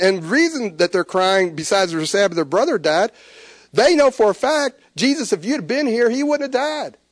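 A man preaching a sermon, animated, with stammered restarts. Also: on the high side, no echo, clean studio sound. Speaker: pastor.

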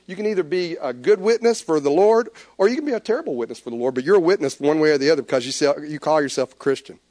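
A man preaching a sermon, animated, with stammered restarts. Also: fairly high pitch, racing, dry recording, studio quality. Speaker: pastor.

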